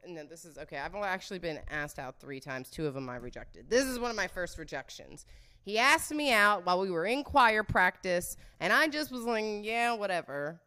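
A woman's voice: mid-range voice, pushed and bright, smooth. A young woman chatting casually to her viewers, blunt and crude, swearing a lot and joking about herself. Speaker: solo vlogger. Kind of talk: casual monologue.

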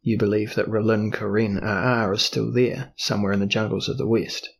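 A man voicing a cunning, curious explorer duke in a storybook reading, deliberate and probing. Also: on the low side, flat delivery, creaky, breathy edge. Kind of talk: audiobook character reading.

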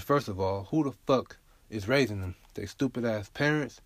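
A man's voice: lowish voice, normal speed, dry recording. A man hosting a solo podcast, talking bluntly and profanely in a casual, unfiltered way, often asking "you feel me?". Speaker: podcast host.

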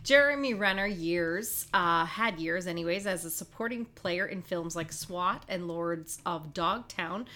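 Bright, chatty young woman host. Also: lowish voice, measured pace, few pauses. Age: young adult. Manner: chatty, jumps in with opinions and laughs. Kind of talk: casual chat show segment.

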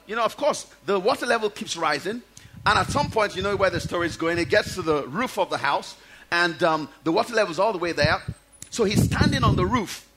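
A man's voice: high voice, pushed and bright. A man preaching a sermon, reading scripture and telling stories, asking the congregation rhetorical questions.

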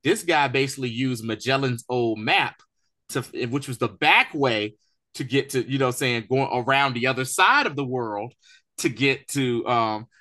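Speaking at normal speed in a medium-pitched voice, this co-host of a TV review show walks through episode scenes using casual slang. His recap is lively, and he performs the characters' quotes himself.

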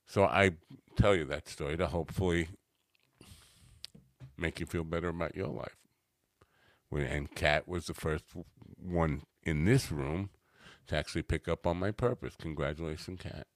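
A man's voice: rumbling low, normal speed, long pauses, dry recording, clean studio sound. A man hosting a casual chat show, rambling and self-mocking, easily distracted, coming down from a cannabis edible. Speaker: podcast host.

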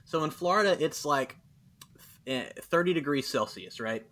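A podcast host with a Southern US accent from Alabama chats folksily through a casual interview, laughing often. His voice is fairly high and a bit bright, with lively intonation at a normal speed.

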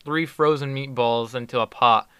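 A man's voice: medium pitch, normal speed, bright, forceful tone, clear, resonant tone, no echo. A teenage boy chatting casually in an interview, rambling with many fillers and restarts. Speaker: student athlete guest.

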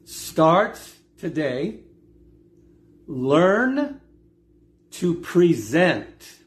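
A middle-aged man preaching with a slightly high voice. He stresses and repeats his key points, pausing to quiz his listeners. His delivery is earnest and direct. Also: darkish tone. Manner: emphatic, repeats key phrases, asks the congregation questions. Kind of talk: sermon.

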